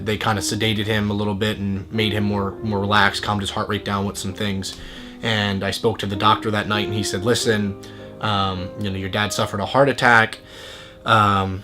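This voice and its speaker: A man earnestly telling a personal story in a casual, conversational way, acting out what people said. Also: lowish voice. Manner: earnest, conversational, acts out quoted dialogue.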